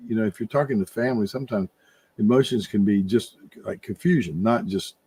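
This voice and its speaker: An older man in casual conversation, thinking out loud in a rambling way, with many restarts and fillers. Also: fairly low pitch, brisk, slightly rough, no echo. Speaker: podcast co-host. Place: room with his wife nearby.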